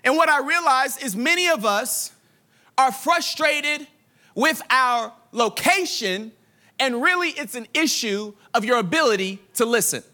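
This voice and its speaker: A young adult man preaching a sermon as pastor, telling stories in an animated way with playful quoted voices. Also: very high voice, unhurried.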